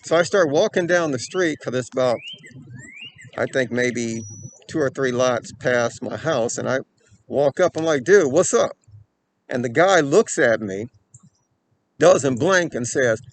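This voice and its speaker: A man hosting a self-defense channel, telling a personal story in an earnest way and growing animated, often checking in with "okay" and "right". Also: mid-range voice, measured pace, slight background noise. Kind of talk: storytelling to camera.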